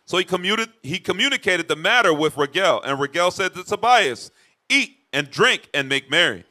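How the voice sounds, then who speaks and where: A man reading old scripture verses aloud at a steady, plain pace. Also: high-pitched, normal speed. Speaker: scripture reader.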